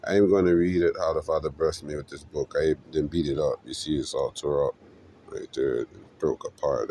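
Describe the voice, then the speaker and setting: A man giving an earnest, emotional devotional Bible reading, pausing as he goes. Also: a bass voice, fairly even intonation, dark tone, a little hiss or hum. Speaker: scripture reader.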